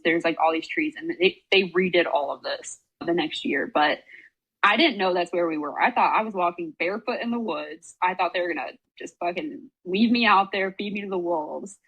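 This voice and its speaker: Husky young woman telling a story. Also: on the low side, rough recording. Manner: animated, swearing, acts out quoted voices, frequent "like". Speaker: guest, former college soccer player. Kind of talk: casual podcast storytelling.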